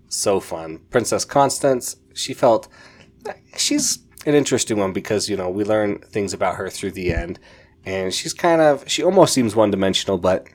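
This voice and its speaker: A man hosting a podcast, reviewing a fantasy novel in a casual, enthusiastic, rambling way and often correcting himself. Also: low voice. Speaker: podcast host.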